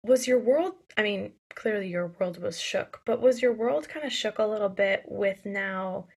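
A woman hosting a casual interview, curious and quick to laugh along while asking long questions. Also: medium pitch, vocal fry, slightly rough. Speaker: interview host.

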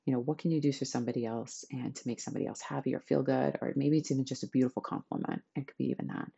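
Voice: mid-range voice, fairly even intonation, racing, vocal fry, warm tone, husky, muffled recording. A podcast host giving a chatty, enthusiastic self-help talk to listeners.

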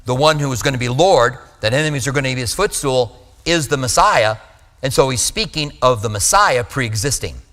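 A man's voice: medium pitch, animated, a little fast, a bit bright, big-room sound. A man preaching a sermon in a conversational way, with asides and self-corrections. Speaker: pastor. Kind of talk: sermon teaching.

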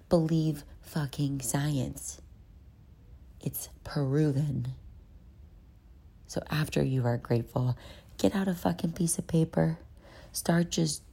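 A woman's voice: low voice, vocal fry, mellow, slightly rough. A woman recording a casual voice note about anxiety and sleep. She talks in a chatty, profane way and often drops into whispers. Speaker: vlogger. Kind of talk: casual self-help voice note. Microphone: phone voice note.

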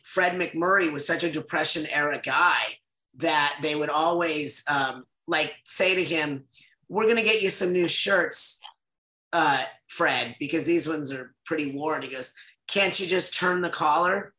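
A man guest-starring in a casual interview, telling animated stories and laughing often. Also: on the high side, low-quality recording. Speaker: voice actor guest.

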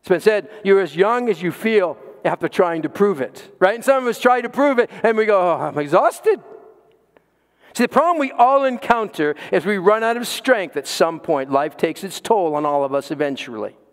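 A man preaching a sermon as pastor, emphatic, with dramatic pauses and repeated words. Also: sits high, animated, long reverb tail.

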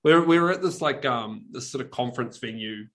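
A man's voice: medium pitch, animated, a little fast, a bit bright. A man with a New Zealand accent co-hosting a podcast, telling a rambling story full of fillers and restarts. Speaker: podcast co-host. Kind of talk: casual chat.

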